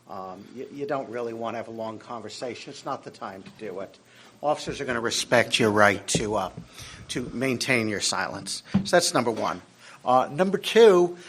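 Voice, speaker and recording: A man working as an attorney, calmly advising a meeting audience, with frequent ums and uhs. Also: medium pitch, husky. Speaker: attorney presenting. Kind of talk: legal Q&A at a members meeting.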